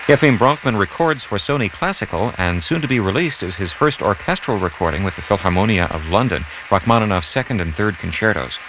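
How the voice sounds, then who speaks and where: A man hosting a classical radio broadcast, reading scripted announcements in a measured, announcer-like way. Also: fairly low pitch, lively intonation, noisy background. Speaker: radio host.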